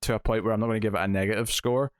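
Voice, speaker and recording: A podcast co-host who reviews comics retells a comic's plot at a racing clip, his fairly low voice staying fairly even. He's chatty and casual, acting out quotes and using lots of fillers. The recording is dry with clean studio sound.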